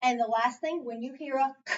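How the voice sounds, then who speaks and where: A woman's voice: high-pitched, a little fast. Distant teacher woman, patient phonics prompts. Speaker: reading teacher. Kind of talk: one-on-one phonics tutoring. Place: school classroom. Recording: distant, dull lo-fi recording.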